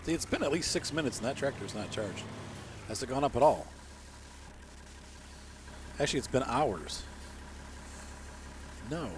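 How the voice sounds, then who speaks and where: Man, casual gameplay commentary, self-mocking and chatty, swooping expressive voice, noisy recording. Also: medium pitch, a little slow, long pauses. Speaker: let's play host.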